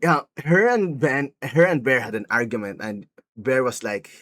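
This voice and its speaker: A man's voice: normal speed, fairly bright tone, no echo, studio quality. A man casually recapping a film for his channel, rambling with many restarts, laughing often and acting out quoted lines. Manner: rambling, laughing, acts out quotes in high voices. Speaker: YouTuber reviewing a film.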